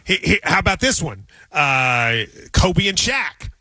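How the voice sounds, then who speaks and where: Sports radio host, male, high and bright, teasing chatter, dry close mic. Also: very animated, unhurried, dry recording. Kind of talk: casual radio chat.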